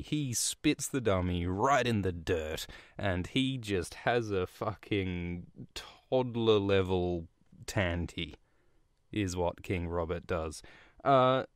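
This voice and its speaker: A low-voiced man riffing through a book chapter for his podcast, irreverent and full of swearing and filler words. The sound is dry and close, with no room around it. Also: no room sound. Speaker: podcast host. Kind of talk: comedic retelling of a book chapter.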